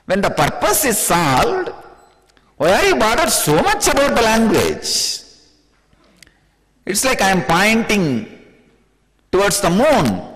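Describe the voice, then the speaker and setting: Teaching spiritual lessons, an Indian-accented man speaks in a high, fairly bright voice whose pitch rises and falls. He laughs frequently and needles his audience with rhetorical questions, and a long hall reverb trails after his words.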